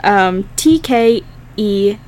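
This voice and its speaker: A woman's voice: mid-range voice, expressive, extremely slow, a little mellow. A young woman co-hosting a podcast, telling stories in casual chat with lots of laughter and swearing. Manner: laughing, profane, storytelling. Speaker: podcast co-host.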